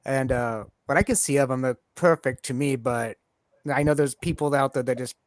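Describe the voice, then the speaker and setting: A man's voice: mid-range voice, normal speed, no room sound. Casual guy host, mid voice, dry close mic, chill fan questions. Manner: easygoing, fan-style questions. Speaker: podcast host. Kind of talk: casual interview.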